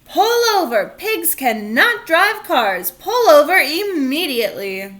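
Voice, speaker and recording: A woman voicing a pompous, self-important male police officer who shouts orders. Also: high voice, sing-song, slow pace, voice pushed up, full character voice. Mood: shouting. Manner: self-important, loud, emphatic.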